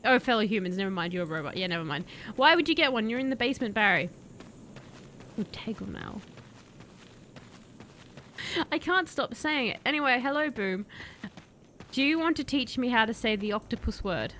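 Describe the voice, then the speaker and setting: Female streamer, playful and chatty, slightly high voice, light noise floor. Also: fast. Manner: playful, chatty, bursts into excited shouting. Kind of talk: live game commentary. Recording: faint background noise.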